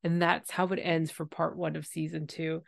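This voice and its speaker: A woman's voice: sits low, flat delivery, normal speed, creaky, no echo. A woman hosting a podcast, recapping a TV episode in casual, emotive chat and acting out the scenes. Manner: emotive, retells scenes with acted quotes. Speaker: podcast host.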